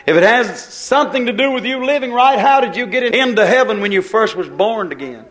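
A man preaching a sermon, acting out prayers and conversations and swinging between loud exclamations and low asides. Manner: acts out quoted prayers and dialogues.

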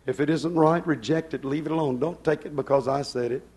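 A man preaching to a church congregation, fervent, swinging between loud outbursts and hushed asides. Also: a little high, brisk, husky. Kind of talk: Pentecostal-style sermon. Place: church service.

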